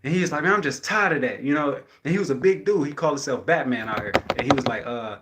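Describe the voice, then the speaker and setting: Speaking fast and animated at medium pitch, a vlogger tells his viewers a casual story packed with slang, swearing and a constant "you know what I'm saying." The recording is very noisy.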